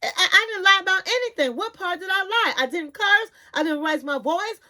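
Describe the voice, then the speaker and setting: A woman doing a shrill, defensive woman, high-pitched and quick, protesting every point with rising indignation. The voice races along in a squeaky rush, as if cornered. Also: lively intonation, pushed and bright, full character voice. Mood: indignant.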